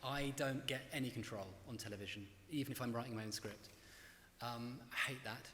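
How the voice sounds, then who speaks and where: A British man, a guest historian, talking on stage at a live event in a quick, self-deprecating, animated way. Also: mid-range voice, slight background noise. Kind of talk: on-stage conversation. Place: large hall at a live event. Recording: roomy hall with long reverb and faint ambience.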